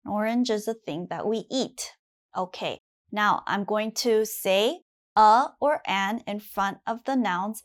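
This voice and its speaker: Woman teacher going real slow, repeating every word nice and clear for learners. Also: medium pitch. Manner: repeats each word slowly and distinctly for learners. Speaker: English teacher. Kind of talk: slow, clear classroom lesson.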